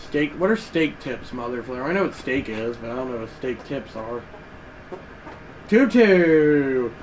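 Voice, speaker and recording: A man with a medium-pitched, expressive voice speaks at an unhurried pace over slight background noise. He gives casual play-by-play commentary on a baseball video game livestream, chatty and full of side remarks, often correcting himself mid-sentence.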